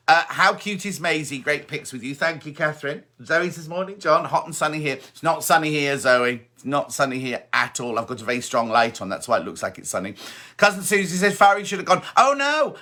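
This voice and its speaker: A man's voice: a little high, sharp tone. A middle-aged man hosting a live stream in a casual, chatty way, reading out viewer greetings and answering them. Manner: chatty, reads greetings aloud and chats back.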